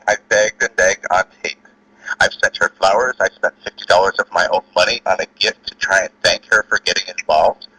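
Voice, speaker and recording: A man's voice: lowish voice, pushed and bright, slight background noise, low-quality recording. Pleading man with a Southern accent. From New Jersey. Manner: pleading, indignant. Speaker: caller.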